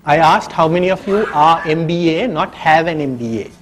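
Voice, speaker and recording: A man's voice: on the high side, animated, moderate pace, poor audio. Man telling a funny story onstage. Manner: humorous, addresses audience directly. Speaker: keynote speaker. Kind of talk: storytelling conference speech. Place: conference hall.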